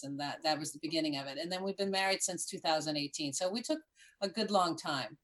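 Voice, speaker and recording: Lowish-voiced woman comic, gushy and chatty, on a video call. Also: brisk, fairly bright tone. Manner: chatty and effusive. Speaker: comedian guest. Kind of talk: casual chat.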